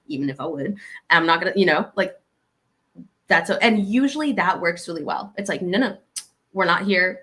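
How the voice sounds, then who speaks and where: A young woman with a Southern American accent giving casual, animated advice and acting out the exchanges she describes. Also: medium pitch. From Arkansas, USA. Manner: animated, acts out quoted exchanges.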